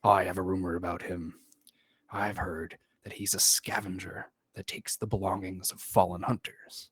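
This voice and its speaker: A man's voice: sits low, little pitch movement, normal speed, a bit bright, husky, no room sound. A man voicing nosy young male fighters trading rumors in a chatty way. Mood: gossipy. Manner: chatty, rumor-spreading quotes.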